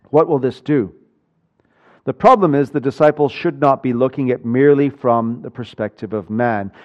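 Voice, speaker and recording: Emphatic male preacher, lo-fi sound. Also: darkish tone. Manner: expository preaching, rising emphatic questions then dropping low. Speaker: pastor. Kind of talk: sermon.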